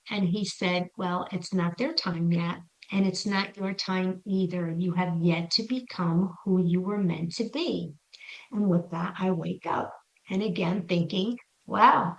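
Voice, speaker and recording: A middle-aged woman recounts a personal story as an interview guest. She talks in a chatty, animated way and acts out her own past reactions as she goes. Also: mid-range voice, poor audio. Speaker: psychic medium guest.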